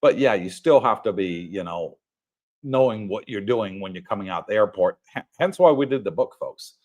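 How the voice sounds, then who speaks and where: A man's voice: fairly low pitch, expressive, moderate pace, darkish tone, muffled recording. An older man co-hosting a livestream, chatting casually with fillers and frequent laughs. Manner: laughs often, rambling with fillers. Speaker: livestream co-host. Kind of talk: casual chat. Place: home livestream.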